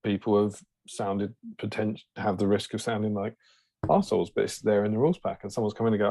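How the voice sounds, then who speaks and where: A man's voice: fairly low pitch, steady tone, quick pace, creaky, mellow. A man co-hosting a live stream in casual chat, thinking aloud and asking his co-host for advice.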